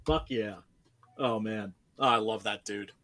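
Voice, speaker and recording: A man co-hosting a podcast in casual chat, excitable, repeating himself and swearing often. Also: on the low side, a little slow, dry recording. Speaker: podcast co-host.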